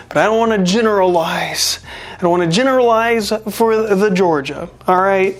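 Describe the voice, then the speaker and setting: A wrestling show reviewer giving a casual, rambling spoken recap, full of wry, self-deprecating jokes and asides. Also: medium pitch. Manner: rambling and chatty, with jokey asides.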